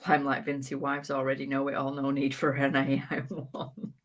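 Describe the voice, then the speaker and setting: A woman's voice: very deep voice, monotone, normal speed. A middle-aged woman co-hosting a casual live chat, reading viewer comments, teasing and laughing often. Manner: giggly, teasing, laughs a lot.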